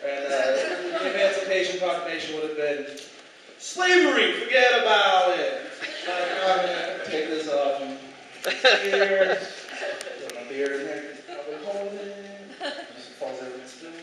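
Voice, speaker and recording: A man's voice: a little high, moderate pace. Young man doing profane stand-up. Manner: animated, profane, acts out quoted dialogue. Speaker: stand-up comedian. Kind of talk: stand-up set. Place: small comedy club stage. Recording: echoey, distant, noisy club recording.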